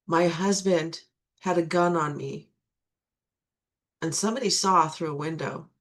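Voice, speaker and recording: A woman's voice: low voice, measured pace. A middle-aged woman sharing her recovery testimony, earnest and repeating key phrases for emphasis.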